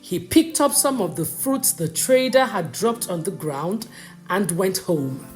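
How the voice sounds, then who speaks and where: A woman narrating a bedtime storybook in a slow, expressive reading voice. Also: mid-range voice, soft background music.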